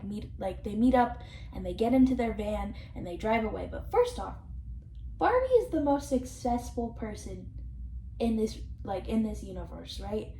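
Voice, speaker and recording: A woman's voice: fairly high pitch, dark tone. A young woman vlogger rambling in casual commentary, swearing, mocking and laughing often, recorded on a camera mic in a room. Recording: echoey room with faint noise.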